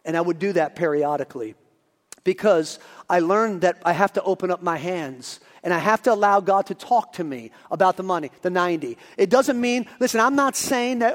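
A man preaching a sermon as pastor, moving from quiet asides to shouting. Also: high-pitched, fairly quick, in a large hall. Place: church.

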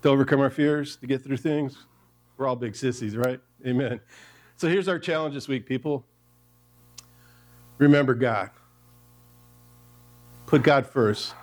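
A man's voice: mid-range voice, measured pace, pauses often. A man, a pastor, preaching a sermon in a church, talking conversationally and turning to the congregation with asides.

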